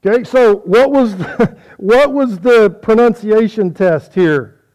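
A man's voice: sits high, takes it slowly, a little mellow, muffled recording. A man preaching a folksy sermon, quizzing his audience on how they say words.

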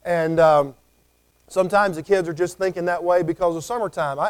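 A man's voice: high voice, fairly quick, clean tone. A man preaching a conversational sermon, often acting out what people might say. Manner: conversational, acts out quoted voices.

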